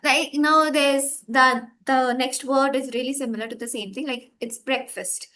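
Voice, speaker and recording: Woman, high voice, bright tone, chatty, agreeable, casual co-host. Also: steady tone, normal speed. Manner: agreeable, chatty, lots of "like" and "yeah". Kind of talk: casual conversation about English pronunciation.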